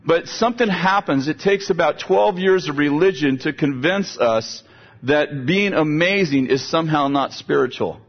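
Older male preacher, husky voice on a lo-fi recording, chatty sermon delivery with frequent repeats. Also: a little high, normal speed. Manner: conversational, repeats words while building a point. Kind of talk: sermon with storytelling. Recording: dull, lo-fi sound.

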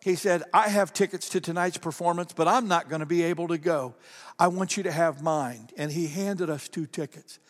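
Animated pastor in a reverberant church. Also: male voice, fairly high pitch, moderate pace. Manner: animated storytelling, swelling loud then dropping to hushed. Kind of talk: sermon. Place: church sanctuary. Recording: long hall reverb.

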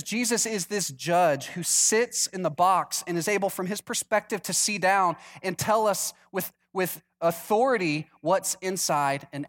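A pastor preaching a sermon in a relaxed, conversational way, putting questions to his congregation. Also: sits high.

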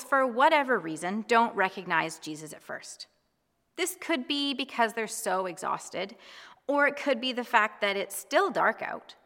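A woman giving a gentle, reassuring devotional sermon, speaking in a reflective way. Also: fairly high pitch, in a large hall. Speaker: preacher.

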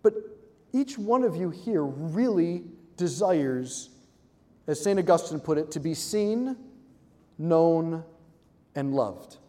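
A man giving an animated, joking talk to a live audience, acting out quick voices. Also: fairly high pitch, in a large hall. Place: large hall with audience.

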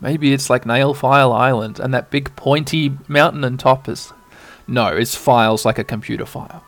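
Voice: mid-range voice, fairly even intonation, normal speed. A podcast narrator retelling a game's cutscenes as a bedtime story, rambling with playful asides.

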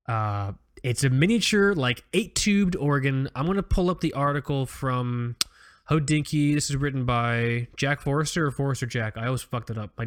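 A man co-hosting a podcast in casual chat, rambling and joking with plenty of restarts and fillers. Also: medium pitch. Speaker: podcast co-host.

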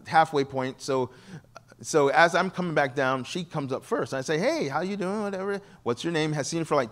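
A man preaching as a guest, telling stories from the pulpit and acting out the voices of the people in them. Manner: animated, acts out quoted people with shifting pitch. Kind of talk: sermon storytelling.

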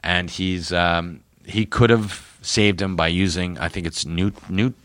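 A man's voice: low voice, steady tone, a little slow, a bit bright, no echo. A man hosting a casual comic book chat in a store. He rambles enthusiastically, with lots of fillers. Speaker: podcast host.

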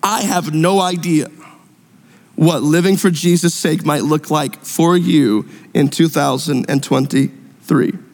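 A male pastor preaches to his congregation, leaning on repetition and drawing out the key words. His voice sits high for a man, and he speaks slowly. A long reverb fills the large sanctuary around him. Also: steady tone, darkish tone. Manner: earnest, repetitive emphasis with drawn-out key words. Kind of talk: sermon.

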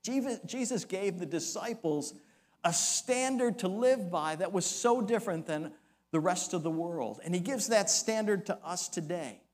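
High-voiced man preaching a sermon. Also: expressive, a little slow. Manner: dramatic, acts out quoted voices. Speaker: pastor.

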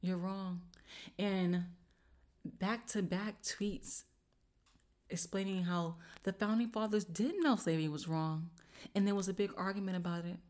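A woman hosting her own podcast, talking in a casual, slangy, animated way and swearing freely as she rants with exasperation. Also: mid-range voice, a little slow. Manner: slangy informal speech. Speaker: podcast host. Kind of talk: casual solo podcast rant.

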